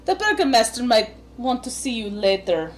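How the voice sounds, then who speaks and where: A woman's voice: a little high, big pitch swings, moderate pace, a little hiss or hum. Woman voicing a cold, menacing lawman. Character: stern menacing man with a monster arm.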